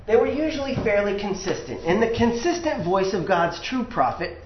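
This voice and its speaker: High-voiced preacher in an echoey room. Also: male voice, moderate pace, soft background music. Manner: animated, acts out quoted voices. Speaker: pastor. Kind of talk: sermon. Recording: echoey room, dull lo-fi sound.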